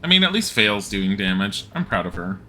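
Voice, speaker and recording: Man streamer, very bright tone, casual game commentary, laughs a lot, mutters commands. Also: on the low side, very animated, brisk, soft background music. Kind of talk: casual live commentary while gaming.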